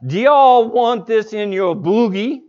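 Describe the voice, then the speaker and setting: A man voicing a friendly, smiling Southern woman cashier with an attempted drawl, his voice raised higher and louder, on a dull lo-fi recording. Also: takes it slowly. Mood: puzzled-friendly.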